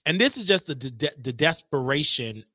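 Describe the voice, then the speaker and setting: A young man hosting a casual livestream, talking in an animated, gossipy way and laughing often. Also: on the high side, normal speed, dry recording. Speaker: show host.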